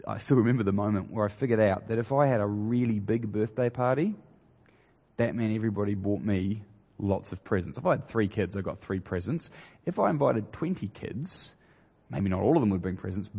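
Husky low-voiced man preaching in a hall. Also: mellow. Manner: conversational, halting, with many fillers and restarts. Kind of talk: sermon. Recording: long hall reverb.

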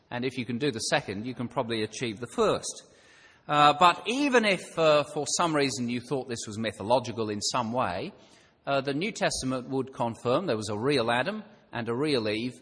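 A man delivers a sermon in an easy, conversational manner, posing rhetorical questions as he goes. His voice sits at an ordinary middle pitch. The sound carries the long reverb of a large church hall. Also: a bit bright, husky. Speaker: preacher.

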